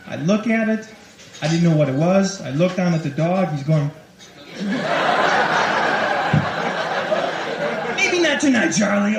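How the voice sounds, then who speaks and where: A male stand-up comic with a high, bouncing voice that leaps up and down as he acts out bits. The sound comes from a live 1980s club tape, roomy and a little distant, with audience laughter behind him. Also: a little hiss or hum. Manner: animated, acts out quick voices in jokes. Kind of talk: stand-up comedy set. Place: comedy club stage, 1983.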